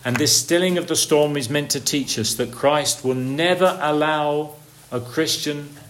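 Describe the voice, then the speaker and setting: A preacher delivering a sermon, posing rhetorical questions and swinging from emphatic peaks down to low, quiet lines. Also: male voice, a little slow, slight background noise.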